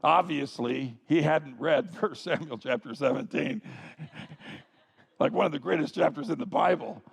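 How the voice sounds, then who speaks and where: A male pastor preaching a sermon with animated, playful asides. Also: on the high side, unhurried, creaky, husky. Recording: long reverb of a large hall.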